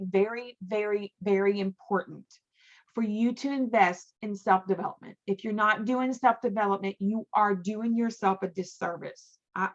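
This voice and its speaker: A woman's voice: mid-range voice, fairly bright tone, lo-fi sound. A middle-aged woman leading a team training call, talking in a chatty, emphatic way that often repeats words for stress. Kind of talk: motivational training talk.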